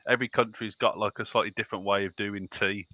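A man with a lowish, bright and forceful voice, giggling and joking as he chats on a podcast. His mic sounds dull and lo-fi, dry with no room around it. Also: steady tone, fast, dry recording. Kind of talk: casual podcast banter.

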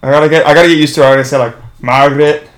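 A man's voice: fairly high pitch, fairly even intonation, rapid-fire. Joking man with a raised voice. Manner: joking, laughs often, playful. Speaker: podcast co-host. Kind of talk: casual chat. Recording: echoey room with background noise.

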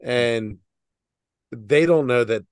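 A man's voice: mid-range voice, takes it slowly, clean tone, no room sound, studio quality. Teasing man asking questions. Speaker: podcast co-host. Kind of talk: casual chat.

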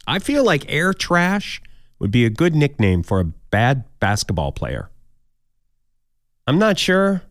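A man's voice: medium pitch, wildly swooping pitch, slow, long pauses, no room sound, studio quality. A man hosting a podcast countdown of odd news stories, with jokey, wry asides. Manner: jokey, wry asides, mock quoted voices. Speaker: podcast host.

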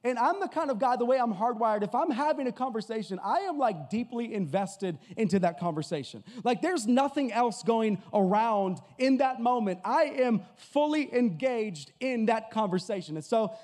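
A male pastor from Massachusetts preaching a sermon, telling a story with a joking, energetic delivery. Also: very high voice, moderate pace, hardly any pauses. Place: church hall before an audience. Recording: hall with long reverb.

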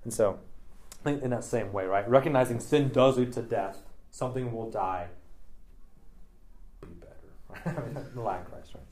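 A man's voice: mid-range voice, unhurried, pauses often, a little mellow, slight background noise. A man leading a casual Bible study discussion, talking loosely with lots of "like" and "right?" tags. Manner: chatty, many "like" and "right?" tags.

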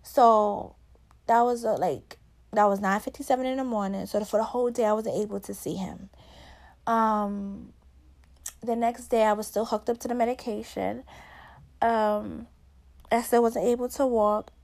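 A woman's voice: a little high, fairly even intonation, normal speed, gravelly, a little mellow. A young woman talking casually and candidly about a hard personal experience, with many fillers, some laughter, and emotion showing through. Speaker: podcast host.

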